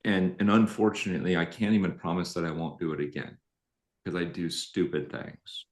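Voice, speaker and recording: A deep, low-pitched middle-aged man on a live relationship show, telling stories in an animated, self-deprecating way. His voice carries a roomy echo from the space around him. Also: a little fast. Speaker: relationship coach co-host. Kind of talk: live-streamed conversational talk.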